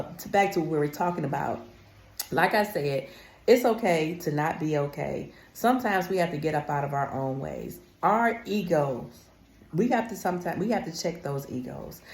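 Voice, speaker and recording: A woman's voice: sits low, a little mellow, roomy sound. A woman vlogger talking casually and emphatically to her viewers, calling them honey. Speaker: wellness vlogger. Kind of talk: casual talk to camera.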